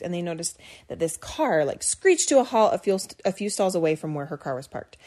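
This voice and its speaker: A woman co-hosting a podcast, telling a story in a casual, animated way full of fillers and restarts. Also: fairly low pitch. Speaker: podcast co-host.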